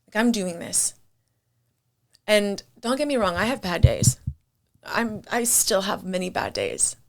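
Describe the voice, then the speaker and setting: Young woman podcaster rambling candidly about her life, middle pitch, chatty and reflective, swears now and then. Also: very animated, unhurried, creaky, noisy background. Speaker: podcast host. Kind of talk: casual solo podcast monologue.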